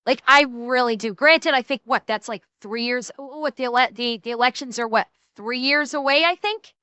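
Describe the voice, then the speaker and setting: A woman's voice: on the high side, normal speed, sharp tone, smooth, no room sound. A woman co-hosting a reaction stream, chatting casually and laughing along.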